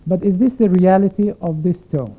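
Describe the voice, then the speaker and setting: A concert violinist with a high voice speaks at normal speed to the audience before a piece, reflecting, explaining, and asking them questions. The spoken introduction is captured with thin, phone-like sound.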